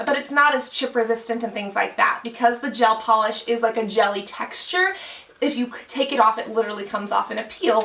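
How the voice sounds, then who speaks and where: A woman's voice: fairly high pitch, gravelly, pushed and bright, echoey room, distant mic. A woman beauty vlogger talking casually to camera, chatty, thinking aloud with many fillers. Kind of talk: casual explainer talk to camera.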